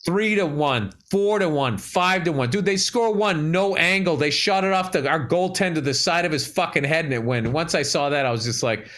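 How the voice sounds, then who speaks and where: Middle-aged man, podcast co-host, slightly high voice, animated and profane storyteller. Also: normal speed, hardly any pauses. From Massachusetts. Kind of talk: casual chat.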